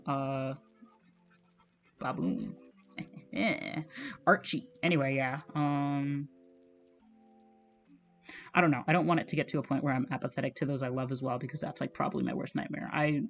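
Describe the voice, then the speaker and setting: A man's voice: medium pitch, steady tone, normal speed, pauses often, dull audio, soft background music. A man streaming while he draws, talking in a rambling, casual way, full of "like" and swearing. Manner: rambling, heavy use of "like", frequent swearing. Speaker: art streamer.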